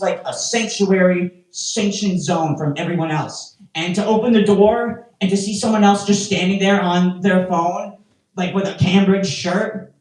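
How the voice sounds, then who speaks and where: A stand-up comedian doing a rambling, self-mocking set with crowd work, full of stammered restarts and sudden loud mocking outbursts. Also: mid-range voice. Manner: bursts into loud mocking shouts. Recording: roomy, voice picked up from a distance.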